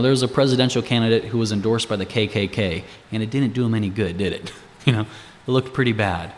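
A man's voice: on the low side, long reverb tail, slight background noise. A man giving a casual, conversational Bible teaching, explaining verses, asking rhetorical questions and chuckling between points.

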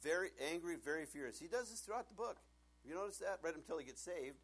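A middle-aged man, a pastor preaching a sermon in a joking, animated way and acting out the people he quotes. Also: a little high, fast, breathy edge.

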